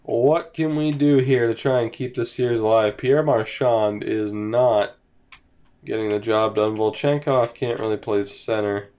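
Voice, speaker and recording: Speaking at a slightly slow pace, this gaming commentator has a medium-pitched, steady, darkish voice. He's a young man at home casually narrating his hockey franchise game in let's-play style, sighing and yawning with resignation while his team falls behind.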